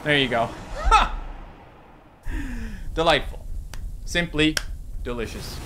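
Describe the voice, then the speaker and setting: A man in his thirties giving excitable, jokey let's-play commentary, talking to enemies and viewers. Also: fairly high pitch, slow, long pauses. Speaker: gaming YouTuber.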